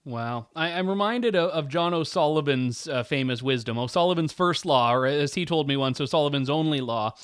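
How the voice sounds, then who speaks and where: Smooth-voiced male talk show host. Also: on the high side, fairly bright tone, no echo, clean studio sound. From Canada. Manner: earnest, chatty, quick restarts. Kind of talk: interview and show sign-off.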